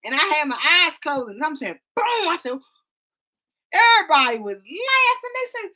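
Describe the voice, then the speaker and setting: Female vlog co-host, dramatic storyteller, bright tone. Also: high voice, normal speed. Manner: animated, dramatic storytelling with y'all and quoted voices. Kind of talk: casual travel storytelling.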